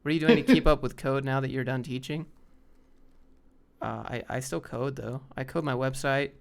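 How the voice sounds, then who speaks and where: A man's voice: medium pitch, fairly even intonation, moderate pace, creaky. A man from Atlanta hosting a casual live stream, talking in a laid-back, offhand way with many fillers. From Atlanta, Georgia, US.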